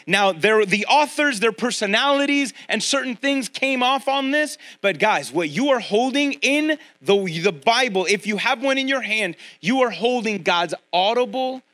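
Middle-aged guy pastor preaching casual to the church, really high voice, plays out little voices. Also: moderate pace, hardly any pauses. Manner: conversational preaching, addresses congregation directly; animated, acts out quoted voices. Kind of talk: sermon.

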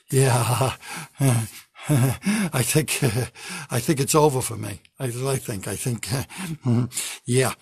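A man's voice: medium pitch, drawn-out words, gravelly, breathy edge, no echo. An older man, a comedian, delivering a kvetching, self-mocking comedy rant from his basement at home. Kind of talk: stand-up comedy monologue.

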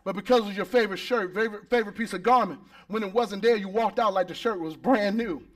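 A man preaching a lively sermon as pastor at a church service, rising to shouts and calling out for responses from the congregation. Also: high voice, quick pace.

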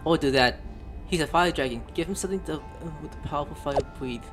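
A man's voice: on the high side, quick pace. A man giving casual let's-play commentary, reading on-screen text aloud, spelling out words letter by letter, and swearing when surprised. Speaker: gameplay streamer. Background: game music.

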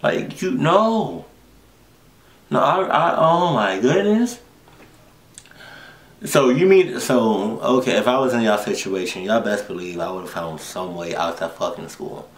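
A man's voice: on the low side, expressive, a little slow. A man reacting casually to a horror story, profane and exasperated, often repeating himself. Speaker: reaction video host. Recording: roomy echo.

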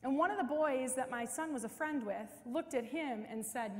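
A middle-aged woman with a high-sitting, darkish voice gives a parish mission talk in church, keeping a moderate pace with few pauses. Her style is chatty and story-driven, full of casual fillers, and the large church adds long reverb.

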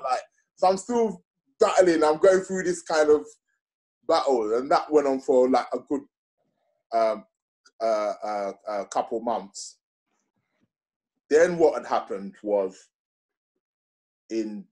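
In a casual chat, this middle-aged interview guest spins stories at a normal speed in a medium-pitched voice. He performs what others said with real animation, and his talk is full of slang.

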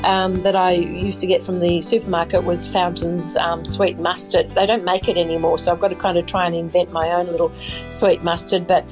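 Middle-aged Australian woman, potato grower, low-pitched and chatty, wanders through stories with a bit of music faintly underneath. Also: flat delivery, a little fast. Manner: chatty and enthusiastic, rambling anecdotes. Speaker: potato farmer guest. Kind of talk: casual chat.

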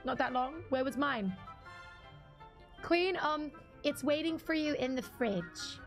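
A woman's voice: high-pitched, lively intonation, slow pace, soft background music. A young woman streamer chatting casually with her live chat, giggly and talkative, reading out viewer names.

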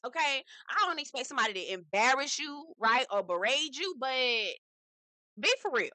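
A woman recapping reality TV in a sassy, chatty, profane style, tossing asides to her listeners. Her voice sits a little high and rings bright and sharp. The sound is dry and close, with no room around it. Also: very animated, normal speed, no echo. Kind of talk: casual gossipy commentary.

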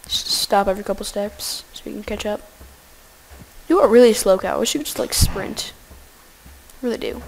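A woman giving goofy, excitable casual gameplay commentary, talking to the animals in her game. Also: medium pitch, moderate pace, gravelly, pauses often, slight background noise.

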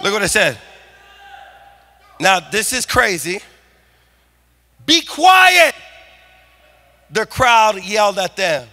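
A man preaching a sermon as pastor, shouting and building intensity in a church. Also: high voice, expressive, unhurried, pauses often. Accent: Californian. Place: church sanctuary.

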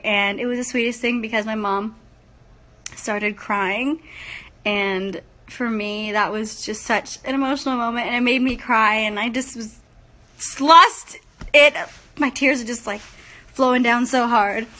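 A woman's voice: on the high side, fairly even intonation, normal speed, sharp tone. A young woman from San Antonio chatting casually on a late-night phone livestream, gushing and laughing easily. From San Antonio, Texas. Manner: bubbly and gushing, laughs often. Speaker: singer talking to fans on a phone livestream. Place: her room at night. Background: music playing in the background.

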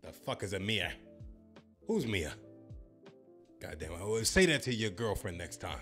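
A man's voice: on the low side, very animated, moderate pace, long pauses, a bit bright, slightly rough, soft background music. A man from the United States hosting a comedic reaction vlog, talking straight to his viewers in a brash, profane, riffing way. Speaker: reaction video host.

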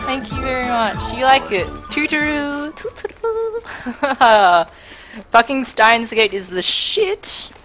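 A woman's voice: a little high, unhurried, pushed and bright, faint music behind, low-quality recording. Giggly Australian young woman streamer. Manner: giggly, overwhelmed, swearing freely. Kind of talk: casual live-stream chat.

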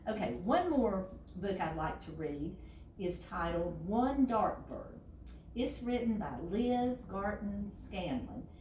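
Woman librarian at storytime; animated, questioning the kids; roomy sound, mic at a distance. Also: fairly low pitch, a little hiss or hum. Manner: slow, animated, asks the children questions. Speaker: children's librarian. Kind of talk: reading a picture book to children. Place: library room.

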